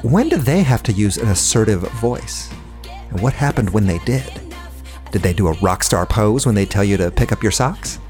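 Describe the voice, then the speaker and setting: A man's voice: fairly low pitch, lively intonation, normal speed, darkish tone, soft background music, lightly acted. Scotty, a man playing a bubbly host. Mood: chatty. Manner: bubbly, chatty, punny, addresses listeners directly. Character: upbeat young adult male host character Scotty. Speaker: show host. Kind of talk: children's audio drama.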